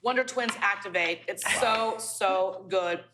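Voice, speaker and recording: A woman's voice: medium pitch, a little slow, heavy background noise. A woman tasting a dish and praising it in effusive, casual cooking-show chat. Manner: effusive and animated. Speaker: taster judging a dish.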